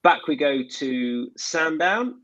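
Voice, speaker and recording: A man hosting a casual racing betting chat, speaking in a halting, self-deprecating way with plenty of fillers. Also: a little high, lively intonation, fairly bright tone, no room sound, muffled recording. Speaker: host.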